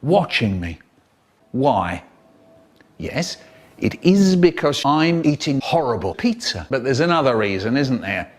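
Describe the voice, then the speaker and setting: Animated, playful male storyteller. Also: mid-range voice, a little slow. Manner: animated, playful vocal effects and sudden squeals. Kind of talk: comic storytelling, chopped into a remix.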